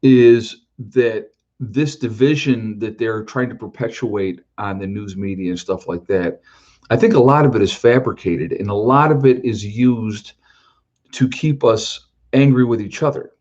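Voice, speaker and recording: A fairly low-pitched man from New York talks straight to camera in an earnest, plain-spoken way, wandering through his thoughts with plenty of fillers and restarts. The recording sounds dull and lo-fi, with muffled highs. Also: a little slow, a little mellow. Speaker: vlogger on a motorcycle trip. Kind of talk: casual opinion monologue.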